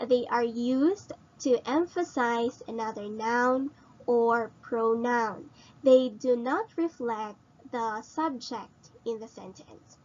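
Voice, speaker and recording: A woman's voice: fairly high pitch, highs cut off. A woman teacher with a Filipino English accent, explaining grammar step by step in a recorded lesson and asking herself rhetorical questions.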